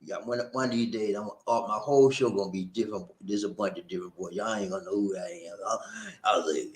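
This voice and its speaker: A man hosting a casual livestream, animated and breaking into sung catchphrases. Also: lowish voice, fast talker, echoey room. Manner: animated, sings and shouts catchphrases. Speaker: livestream host. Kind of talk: casual live chat. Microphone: new noise-reducing mic.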